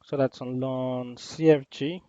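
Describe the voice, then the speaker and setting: A man teaching an IT lesson in a screen-recorded demo, explaining each step in a relaxed way with many ums and uhs. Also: mid-range voice, a little slow, no room sound. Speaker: IT instructor. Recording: dull, lo-fi dry voice-over.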